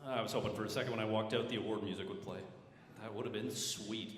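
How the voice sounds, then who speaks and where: A man's voice: lowish voice, fairly even intonation, quick pace, a little hiss or hum. A man in his thirties hosting an awards ceremony, joking with wry, self-mocking humor between presentations. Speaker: ceremony host. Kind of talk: joking emcee banter. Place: large hall at an awards ceremony. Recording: echoey hall with faint ambience.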